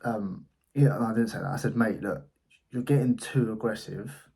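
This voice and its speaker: A man's voice: on the low side, normal speed, vocal fry, warm tone. Blunt man telling a story. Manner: blunt, swears freely, recounts a frustrating call. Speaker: agency owner. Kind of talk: casual vlog storytelling.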